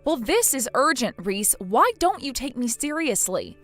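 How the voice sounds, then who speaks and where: A woman's voice: high-pitched, big pitch swings, unhurried, fairly bright tone, soft background music, exaggerated voice. A woman voicing a weary young wife in a text-message drama, pleading and defensive. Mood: insistent.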